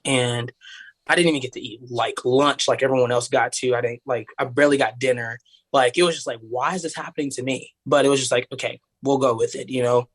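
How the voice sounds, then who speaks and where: A man's voice: mid-range voice, little pitch movement, brisk, fairly bright tone. A young man from Tennessee, telling a story in a rambling, casual way, full of "like". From Tennessee, USA. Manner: rambling, heavy use of "like", acts out voices of others. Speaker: podcast guest, singer.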